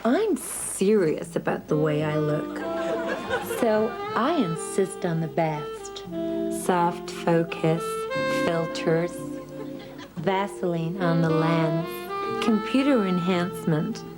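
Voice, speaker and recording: A woman voicing a vain glamorous star in a cosmetics advert parody, slow and self-satisfied. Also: lowish voice, animated. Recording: loud music under the voice.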